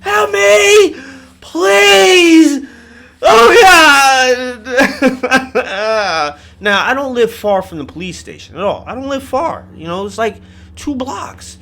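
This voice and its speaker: A man tells a scary story in a casual, profane style, swearing constantly and acting out the scenes with animation. His voice sits high and he speaks at a normal speed.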